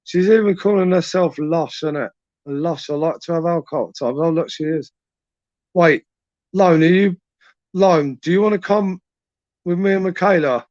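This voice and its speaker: Man, young adult, livestream host, crude laddish banter, slightly high voice, muffled lo-fi audio. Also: normal speed, a little mellow, dry recording. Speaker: livestream host reading chat. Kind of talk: late-night live chat.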